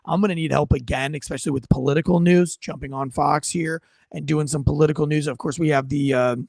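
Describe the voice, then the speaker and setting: A ranting, profane man hosting a political podcast, his voice gravelly with fry and pitched a little high for a man. The sound is dry and close, with no room around it. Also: fairly even intonation, quick pace, a little mellow, no echo. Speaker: podcast host. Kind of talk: casual political podcast chat.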